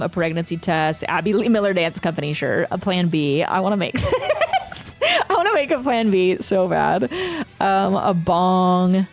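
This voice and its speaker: A woman hosting a livestream, chatting casually with viewers, swearing freely and fussing over her pet. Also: lowish voice. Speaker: livestream host. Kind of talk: casual chat with stream viewers.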